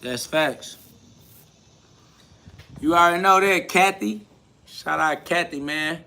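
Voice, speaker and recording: High bright-voiced guy on a live stream, cocky trash talk, preachy and repetitive. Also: slow pace, long pauses.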